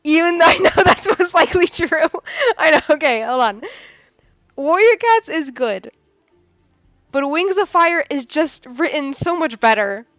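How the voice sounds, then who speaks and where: A twenty-year-old woman hosting a live chat, with a high voice and a playful, theatrical way of talking. She laughs often and slips into mock outrage. The sound is dry and a little dull. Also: expressive, measured pace, fairly bright tone, dry recording, faint music behind. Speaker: podcast host. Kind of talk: casual live-stream chat.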